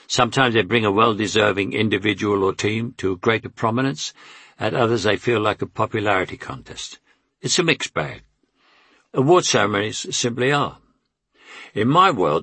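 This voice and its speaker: Old cockney guy reading his memoir, deep husky gravelly voice, wry and chatty, dry close mic. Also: pushed and bright, dry recording. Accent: London Cockney. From England. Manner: wry, conversational storytelling. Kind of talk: audiobook memoir narration.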